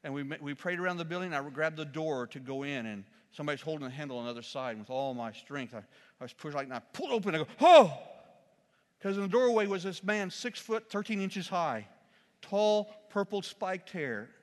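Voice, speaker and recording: A male preacher tells his story from the pulpit in a slightly high voice. He swings between loud, excited outbursts and quiet, solemn asides. The long reverb of a large church hall trails behind every phrase. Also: a little fast. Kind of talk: sermon storytelling.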